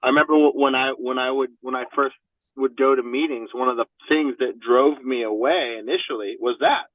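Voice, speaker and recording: A man guests on a podcast in a casual, candid chat, swearing often and leaning on fillers like "you know what I mean." His mid-range voice runs a little fast, and the recording is dry and narrow, phone-like, with no room sound.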